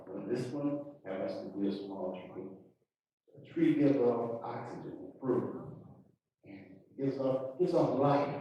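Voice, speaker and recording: A man telling a folktale and leading a libation ceremony at a live gathering, with call-and-response and folksy asides, speaking through a mic over loudspeakers. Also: medium pitch. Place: hall with loudspeakers. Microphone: handheld mic over a PA. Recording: echoey hall from far off, dull.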